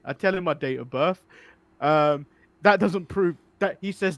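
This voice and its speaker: An English man in his thirties, a podcast co-host chatting casually and telling animated stories, laughing often. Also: on the high side, measured pace. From England. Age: 30s. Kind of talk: casual chat.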